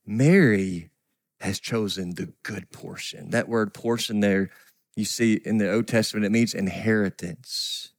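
A middle-aged man preaching a sermon as a pastor, earnest, often sinking to a soft whisper. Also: lowish voice, unhurried, creaky, no room sound, studio quality. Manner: earnest, drops to soft whispers for quoted grief.

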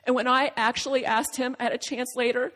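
A woman with a high voice tells a personal testimony, earnest and halting, with long pauses between phrases. Her voice rings out with the long reverb of a large hall. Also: flat delivery, a bit bright. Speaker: speaker sharing a personal testimony. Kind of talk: emotional spoken testimony.

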